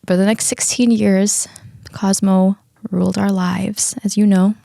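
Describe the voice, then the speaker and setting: A woman's voice: mid-range voice, flat delivery, measured pace, vocal fry, warm tone, no echo, clean studio sound. A woman in her thirties co-hosting a podcast, telling personal stories in a chatty way, laughing often and swearing casually. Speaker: podcast co-host. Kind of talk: casual storytelling chat.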